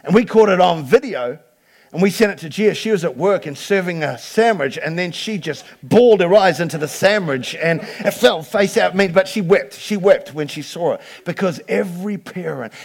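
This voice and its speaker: A male pastor delivers a sermon in a high, gravelly voice. He tells stories in a chatty way and then builds to loud, emphatic preaching.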